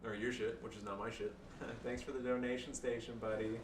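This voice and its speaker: A man giving casual, profane, excitable commentary over his own strategy game match, joking and swearing between calls. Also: mid-range voice, fairly quick, reverberant, far from the mic, a little hiss or hum. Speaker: gameplay commentator.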